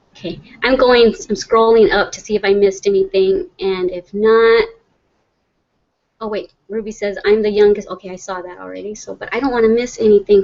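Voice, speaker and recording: A woman's voice: medium pitch, a little mellow, lo-fi sound. A middle-aged woman, hosting a casual livestream, reading viewer comments aloud and chatting in a rambling way with frequent laughs. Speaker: livestream host.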